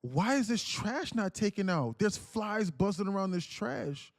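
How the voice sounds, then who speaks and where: A man acting out an angry, exhausted working stepfather who scolds his household loudly and with exasperation. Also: high-pitched, very animated, unhurried, gravelly, no room sound, studio quality, voice pushed up, full character voice. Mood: exasperated.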